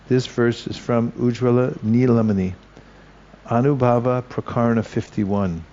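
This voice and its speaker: A man with a gravelly, creaky voice reads a devotional text aloud, slow and careful, going back over any passage he trips on. The recording sounds dull and lo-fi. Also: medium pitch, mellow. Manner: slow, careful reading that pauses to correct itself. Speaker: scripture reader.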